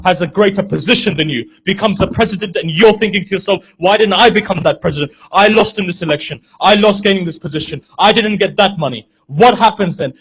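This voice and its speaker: Male preacher, high husky voice, storytelling sermon, leans on rhetorical questions and repetition. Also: rough recording. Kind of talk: sermon from a pulpit.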